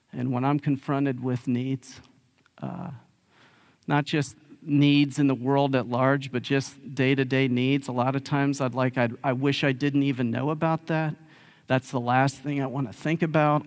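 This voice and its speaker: A male pastor preaching a sermon in a conversational, animated storytelling way, acting out sarcastic asides. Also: medium pitch.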